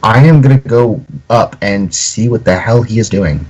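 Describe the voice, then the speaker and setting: A man's voice: fairly low pitch, moderate pace, darkish tone, low-quality recording. A man in casual chat as a player in a tabletop game, making dry, wry remarks.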